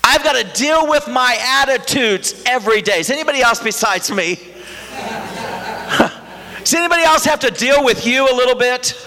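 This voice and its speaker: A male pastor with a strikingly high, bright and forceful voice preaches in a casual, animated way and keeps asking the congregation questions. His voice rings with a long hall reverb from the church sanctuary. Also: moderate pace. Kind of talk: sermon.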